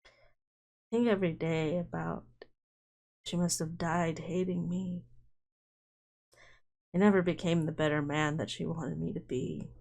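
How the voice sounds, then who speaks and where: A woman voicing a bitter, guilt-ridden middle-aged man in a dating game, in a low, subdued voice. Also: fairly even intonation, measured pace, vocal fry, long pauses, a little mellow, exaggerated voice. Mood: regretful. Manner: low, subdued, self-loathing confessions. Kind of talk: reading game dialogue aloud.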